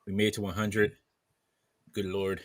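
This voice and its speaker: A man's voice: on the low side, little pitch movement, moderate pace, dry recording. A man hosting a casual podcast chat, reading off viewer names in a running list. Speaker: podcast host. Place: at home in bed, wearing headphones.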